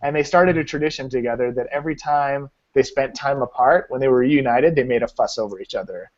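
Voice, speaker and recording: A man's voice: mid-range voice, fairly quick. Jokey man hosting a chat. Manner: jokey, animated storyteller. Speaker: host. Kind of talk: casual chat. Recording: dull lo-fi sound.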